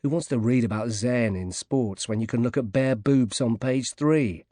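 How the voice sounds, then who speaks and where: A man's voice: medium pitch, normal speed, dark tone, no echo, close to an everyday voice. A man voicing a driven young female newspaper reporter, talking eagerly and breathlessly. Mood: annoyed.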